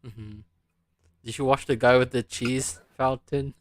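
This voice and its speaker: A man's voice: mid-range voice, steady tone, measured pace, crowd noise. A man hosting a podcast in casual chat, talking loosely and stammering on restarts. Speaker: podcast host.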